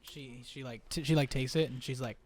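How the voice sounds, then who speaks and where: A woman's voice: extremely low pitch, fairly even intonation, fairly quick, a little mellow, breathy edge. A woman narrating a tabletop game as game master, rambling and giggly as she tells the story.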